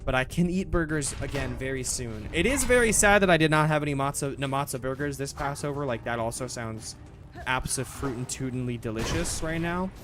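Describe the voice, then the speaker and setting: A man's voice: mid-range voice, animated, fairly quick, over music. Rambling, profane young man streaming. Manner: rambling, profane, lots of restarts and "bro". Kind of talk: casual gameplay commentary.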